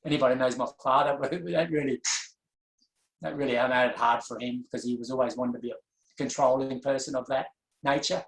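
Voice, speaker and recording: A man telling his personal story as an interview guest, earnest and reflective, pausing and restarting as he goes. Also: mid-range voice, fairly even intonation. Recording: echoey room.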